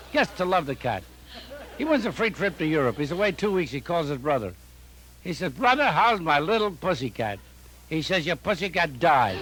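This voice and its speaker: A comedian telling rapid-fire deadpan jokes on a telephone joke line. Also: male voice, on the high side. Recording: noisy archival recording with clicks.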